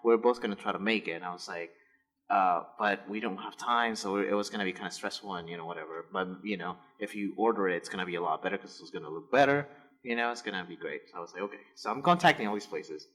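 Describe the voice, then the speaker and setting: A man's voice: low voice, fast talker. A man in a casual podcast chat, telling a story with lots of swearing and getting worked up. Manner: profane, animated, gets worked up. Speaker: podcast host.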